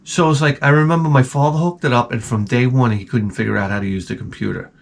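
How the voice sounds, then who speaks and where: A man hosting his channel, telling comedic stories in a loud, animated, profane rant and acting out people in high, shouted voices. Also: quick pace, gravelly. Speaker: channel host.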